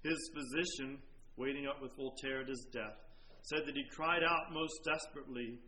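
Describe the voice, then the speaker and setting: A man preaching a sermon, dramatic, dropping to a hush and then swelling loud as he quotes dying men. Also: medium pitch, steady tone, normal speed, poor audio. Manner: dramatic, swings from hushed to loud when quoting.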